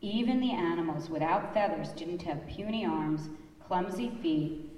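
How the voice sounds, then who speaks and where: A woman telling children a story in church, reading a storybook slowly and expressively. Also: lowish voice, a little mellow. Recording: echoey church hall, far off.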